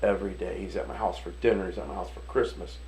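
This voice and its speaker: A Detroit chef spins a lively yarn in a gravelly voice, jumping into the voices of the people in his story. He talks the loose, casual way a man does among friends. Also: deep voice, fast, slight background noise, low-quality recording. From Detroit, USA. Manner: animated storyteller, acts out voices, swears casually. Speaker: restaurant owner and chef.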